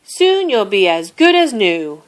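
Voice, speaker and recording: Woman reading as a perky little mouse, chirpy and upbeat, high and bouncy storybook voice. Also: sing-song, measured pace. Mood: cheerful. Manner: bright, chirpy, eager to help. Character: small, cheerful, bustling male mouse.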